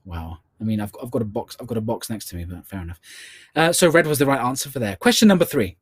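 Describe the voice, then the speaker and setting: A man hosting a live online charity quiz, reading questions slowly and slipping in joking asides. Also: mid-range voice, animated, slightly rough, no room sound. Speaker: quiz host. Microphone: earbud headset.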